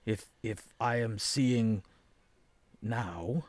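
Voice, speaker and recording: A man playing Verrozz, a hushed, grave hermit. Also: on the low side, dry recording, pitched below the performer's own voice. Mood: hushed, solemn. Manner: halting, hushed and hesitant.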